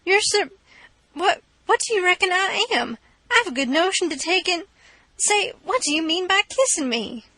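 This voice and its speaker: A woman reading an audiobook, voicing a flustered, sharp-tongued older Southern aunt who scolds indignantly. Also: high voice, lively intonation, moderate pace, no room sound.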